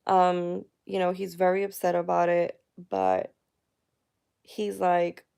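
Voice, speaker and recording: A woman in her thirties talks openly to her followers in a personal vlog at home, emotional and chatty. Her voice has a gravelly fry, yet the words come out smooth and clear. She speaks slowly, taking her time. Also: on the low side, flat delivery, dark tone. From United States. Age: 30s. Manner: candid, emotional, chatty with many fillers. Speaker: vlogger. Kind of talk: personal vlog talking to viewers.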